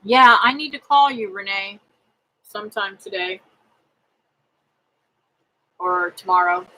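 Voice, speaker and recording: A middle-aged woman hosting a casual livestream, praying aloud and chatting with viewers in a slow, homely way. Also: medium pitch, sharp tone, low-quality recording. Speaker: homestead livestream host. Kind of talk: casual livestream chat reading comments.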